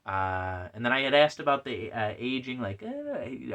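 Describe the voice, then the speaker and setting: A man's voice: lowish voice, very animated, takes it slowly, fairly bright tone. A man hosting a casual solo comic review podcast, rambling and chatty with lots of fillers and restarts. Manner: reads out messages with playful put-on voices. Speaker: podcast host.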